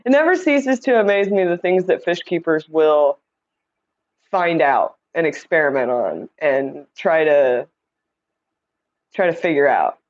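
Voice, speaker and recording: A chatty Indiana woman hosts a casual livestream, reading viewer comments aloud and welcoming people by name. Her low voice is expressive, measured, and a little mellow. The streaming setup mic yields a muffled recording.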